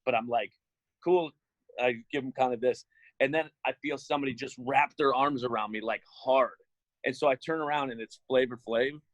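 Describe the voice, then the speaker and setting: A man who works as an arena emcee, telling an embarrassing story in a relaxed, self-mocking way on a panel. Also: mid-range voice, moderate pace, dry recording, lo-fi sound. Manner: laid-back, amused, self-mocking storyteller.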